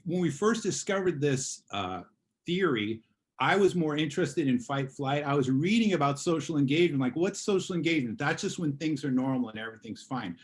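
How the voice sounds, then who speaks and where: A man teaching an online class in a casual way, acting out examples as he explains. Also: a little high. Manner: casual, acts out examples in voices. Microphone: video call.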